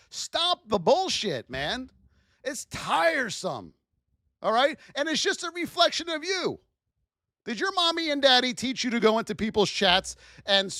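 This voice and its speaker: A man with a strikingly high, lively voice teaches trading live, loud and preachy, pushing his points by yelling. The sound is dry and close with no room around it. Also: no room sound. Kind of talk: fired-up livestream teaching.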